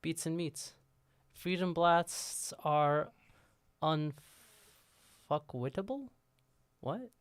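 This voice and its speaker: A man's voice: on the high side, measured pace, long pauses, fairly bright tone, dry recording. A man co-hosting a live song review stream, answering in short, dry, teasing remarks. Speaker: co-host. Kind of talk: casual live-stream chat.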